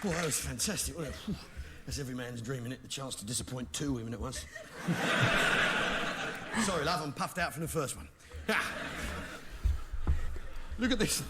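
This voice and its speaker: Brash English comedian, lively high voice. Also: male voice. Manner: brash, mock-patriotic pub bluster, barking asides to the crowd. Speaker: stand-up comedian. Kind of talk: stand-up comedy with crowd work. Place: theatre stage before a live audience. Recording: live show clip with loud audience noise.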